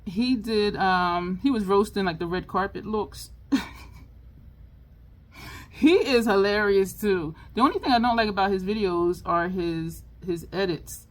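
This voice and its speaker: A woman chatting casually while doing her makeup, telling a funny story with lots of laughter. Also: measured pace. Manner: chatty, laughing storyteller, lively swings in pitch. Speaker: beauty vlogger. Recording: faint background noise.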